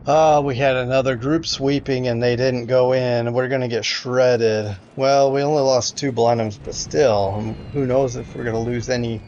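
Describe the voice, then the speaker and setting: A man's voice: mid-range voice, fairly even intonation, normal speed, hardly any pauses, darkish tone, muffled recording, slight background noise. A man casually commentating a strategy game, hesitant and frustrated, with many fillers and restarts. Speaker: gameplay commentator.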